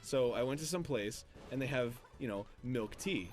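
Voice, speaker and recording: A man's voice: mid-range voice, expressive, moderate pace, hardly any pauses, darkish tone, soft background music. Male co-host, playful anecdote teller. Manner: playful storyteller, acts out other voices. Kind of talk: casual chat.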